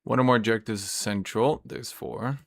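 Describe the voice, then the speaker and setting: A man's voice: mid-range voice, normal speed, vocal fry, no room sound. A man playing a tabletop wargame, thinking aloud, counting dice and swearing at his own mistakes. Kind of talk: casual play commentary.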